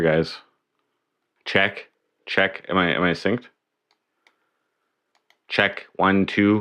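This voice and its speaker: A man with a very low voice hosts a casual livestream at an unhurried pace. He chats loosely with viewers and curses freely while he fiddles with his setup. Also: creaky, bright, forceful tone. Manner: swearing, grumbling over tech trouble. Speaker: livestream host.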